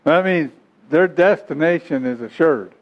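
A man's voice: fairly high pitch, a little slow. A man preaching a sermon who reads scripture aloud and then explains it in homey asides, chuckling now and then. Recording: dull lo-fi recording.

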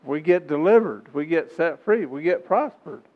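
Male pastor, fairly high voice, homespun sermon delivery, thin phone-quality sound. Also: animated, moderate pace. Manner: folksy, repetitive preaching with chuckles. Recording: tinny phone-like recording.

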